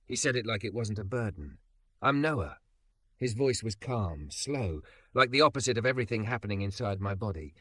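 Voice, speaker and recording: A man narrating a first-person story with an expressive, emotional delivery. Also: lowish voice, a little fast, few pauses, no room sound.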